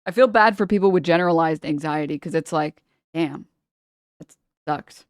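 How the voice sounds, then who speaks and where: A woman livestreamer chats casually with her viewers and reads their messages, rambling and animated, laughing a lot and swearing freely. Her voice is low-pitched at a moderate pace, and the studio recording is clean with no echo.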